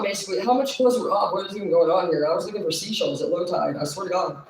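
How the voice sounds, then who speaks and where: A medium-pitched woman's voice comes from far off the mic in an echoey room during a livestream. She's ranting at length, profane and agitated, venting rapidly while a little tipsy.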